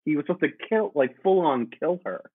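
A man chatting as a guest, animated and laughing, with lots of "like" in his speech. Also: fairly high pitch, fairly quick, husky, no echo. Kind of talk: casual podcast chat. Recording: tinny phone-like line.

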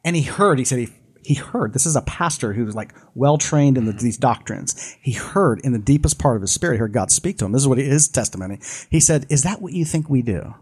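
Man, podcast co-host, lively storyteller, mid-pitched. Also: fast, slightly rough. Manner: animated storyteller, many restarts and fillers. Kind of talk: casual discussion, retelling a story.

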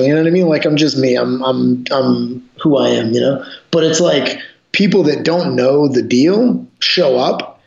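Profane, animated man in a roomy room. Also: on the high side, vocal fry. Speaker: martial arts instructor, guest. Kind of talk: casual podcast chat. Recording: roomy, dull lo-fi sound.

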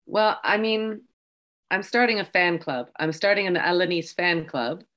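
A woman's voice: fairly low pitch, normal speed, a bit bright. A woman interviewing her guest in a playful, admiring way and asking leading questions. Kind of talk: friendly interview.

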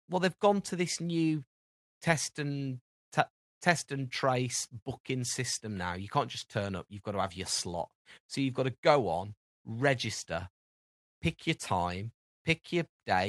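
A man's voice: on the low side, a bit bright, no room sound. Dry-sounding British man telling stories. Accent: British English. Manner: rambling storyteller, acts out dialogue in anecdotes. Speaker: podcast co-host. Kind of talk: casual chat.

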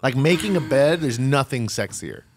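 A man of medium pitch with a very lively, swinging voice makes absurd, deadpan jokes. He is a comedian co-hosting a podcast in casual studio chat. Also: normal speed.

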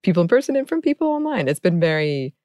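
A woman's voice: lowish voice, fast talker, no echo, clean studio sound. A woman co-hosting a podcast, chatting casually and laughing a little, with lots of "like". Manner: relaxed, laughing, filler-heavy. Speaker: podcast co-host. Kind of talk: casual chat.

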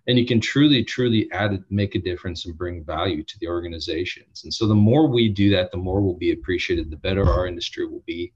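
A man, an audit executive, answering interview questions in an earnest, emphatic way with many restarts and a husky voice. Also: sits low, a little fast. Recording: dull lo-fi sound.

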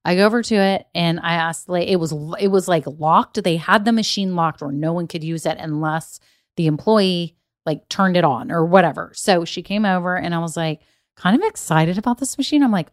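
A woman's voice: on the low side, moderate pace, dry recording, studio quality. A woman, talking casually and enthusiastically as a business coach, with many fillers. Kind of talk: casual motivational talk.

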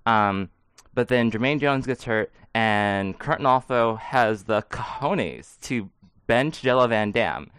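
A man's voice: medium pitch, expressive, slow, a bit bright, clean tone, dry recording. A man co-hosting a sports podcast, chatting casually, rambling and joking with frequent laughs. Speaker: podcast co-host.

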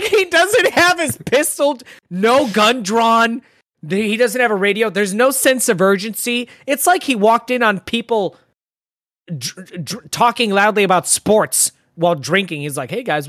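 Female podcast co-host, lively swooping voice, profane, dry close sound. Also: a little high, measured pace, no room sound. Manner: animated, acts out scenes, profane. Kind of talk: casual movie review chat.

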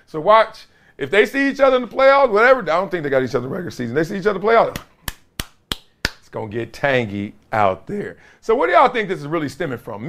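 A man with a fairly high, very lively voice hosting a sports talk show. He tells stories from his playing days with big swings in pitch, laughing and acting out what others say. The tone is loud and loose. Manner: lively, laughing, acts out quotes. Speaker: sports show host, former player.

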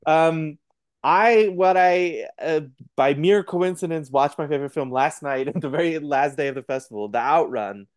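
A man's voice: fairly high pitch, moderate pace, clean tone. A man guest on a film podcast, talking casually and animatedly, often acting out what others say.

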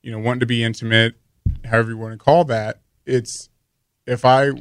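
A man's voice: mid-range voice, flat delivery, fairly quick, smooth, no room sound. Earnest rambling man, dry sound. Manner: earnest, rambling, many fillers. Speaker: podcast co-host. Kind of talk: casual conversation.

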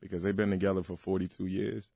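A man's voice: deep voice, level tone, fast, vocal fry, warm tone, dry recording, clean studio sound. A man in his thirties from Virginia, a comedian chatting loosely in an interview, full of "like" and "you know". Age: 30s. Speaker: comedian guest. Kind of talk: casual interview chat.

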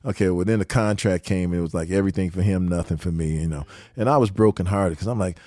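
An older man with a low voice tells stories from his music career in an interview. He is lively and acts out what other people said, laughing often. The sound is dry and close. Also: quick pace, dry recording. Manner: animated storyteller who acts out quotes and laughs often. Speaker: guest musician, guitarist and songwriter. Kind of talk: storytelling interview anecdotes.

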